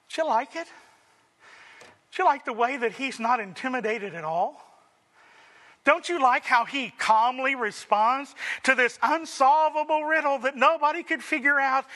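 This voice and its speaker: A man's voice: very high-pitched, bright, forceful tone. A man preaching a sermon as pastor, emphatic, with rhetorical questions and building lists.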